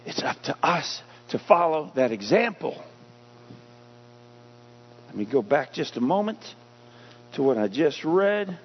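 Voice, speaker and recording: Male pastor, fairly high voice, emphatic preaching, quizzes the congregation, dull lo-fi sound. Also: sing-song, a little slow, long pauses, slightly rough. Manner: emphatic, asks the congregation questions. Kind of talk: sermon. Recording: dull lo-fi recording.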